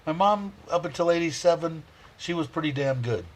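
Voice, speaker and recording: A man hosting a casual livestream, rambling warmly, chuckling and reading viewer comments aloud. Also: a little high, animated, moderate pace. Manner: heartfelt, chuckles often. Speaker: livestream host.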